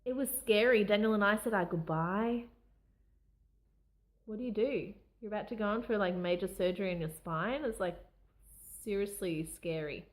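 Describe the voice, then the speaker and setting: A woman's voice: mid-range voice, normal speed. A young woman, telling a personal story to camera in a candid, emotional way, often restarting her sentences. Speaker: vlogger.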